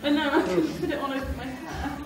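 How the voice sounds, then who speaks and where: A high-pitched woman speaks as a bride, giggling and teary as she talks fondly into a camera. Loud party music pounds behind her at the reception. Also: steady tone, a little fast, over a noisy crowd. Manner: giggly, tearful and affectionate. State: crying. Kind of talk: casual chat to a wedding video booth.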